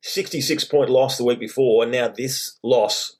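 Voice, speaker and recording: A man's voice: medium pitch, moderate pace. An Australian man co-hosting a casual rugby league chat, steadily leading the discussion and teasing his co-host. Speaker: podcast co-host.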